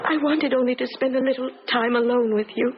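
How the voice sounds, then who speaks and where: A woman's voice: high-pitched, steady tone, fairly quick, noisy background, lightly acted. An actress playing a lonely, innocent young woman in a 1970s radio drama, pleading and emotional. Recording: tinny, phone-like old radio broadcast.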